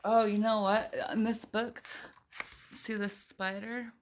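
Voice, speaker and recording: A woman's voice: medium pitch, little pitch movement, takes it slowly, slight background noise. A woman reading a picture book aloud to her children, playful and giggly, breaking off for chatty asides and animal noises.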